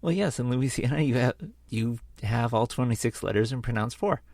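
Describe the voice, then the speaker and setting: A man's voice: mid-range voice, a little fast, vocal fry, darkish tone, no room sound. A man with a New England accent, co-hosting a casual podcast chat, reasoning things out aloud with dry, wry humor. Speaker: podcast co-host.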